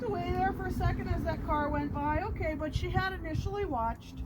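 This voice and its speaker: A woman's voice: moderate pace, hardly any pauses, lo-fi sound. A woman dog trainer explaining each step plainly, outdoors near a road. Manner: explains steps plainly, praises the dog in a high sing-song voice. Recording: loud background noise.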